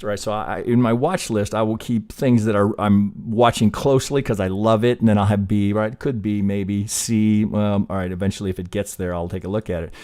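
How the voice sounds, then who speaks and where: A man's voice: fairly low pitch, steady tone, fairly quick, few pauses, mellow. A man hosting a live trading stream, talking loosely through chart counts, swearing now and then and getting fired up. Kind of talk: live chart analysis, casual teaching.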